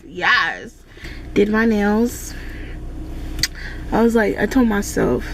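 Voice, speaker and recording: A woman's voice: mid-range voice, big pitch swings, slow pace, long pauses, noisy background. A woman vlogging in a casual, chatty way, talking straight to her viewers. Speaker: lifestyle vlogger. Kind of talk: casual vlog chat to camera.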